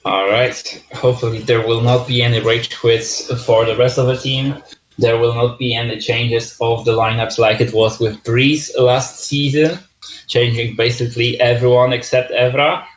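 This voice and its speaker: A man's voice: mid-range voice, little pitch movement, moderate pace, slight background noise. Male league host, casual and chatty, echoey room. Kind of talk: casual esports league preview.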